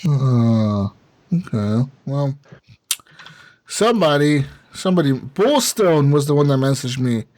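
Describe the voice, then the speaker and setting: A man's voice: medium pitch, expressive, slow pace, darkish tone, no room sound. A man hosting a casual gaming podcast, rambling, laughing often and swearing a lot. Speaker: podcast host. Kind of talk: casual chat.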